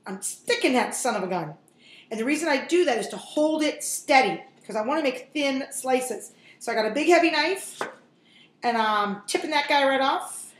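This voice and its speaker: A woman in her forties hosts a home cooking show, chatting and joking directly to viewers as she works. Her voice is high and the sound is roomy, fitting a casual cooking demonstration.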